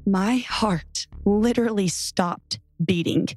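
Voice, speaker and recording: A woman's voice: mid-range voice, slow pace, darkish tone, no echo, clean studio sound, faint music behind. Woman narrating a true horror story.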